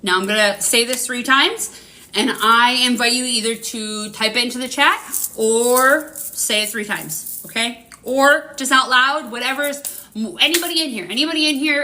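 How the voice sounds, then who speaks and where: A woman's voice: a little high, pushed and bright. A woman hosting a live spiritual reading, rambling and swearing casually with lots of fillers. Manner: rambling, profane, full of fillers.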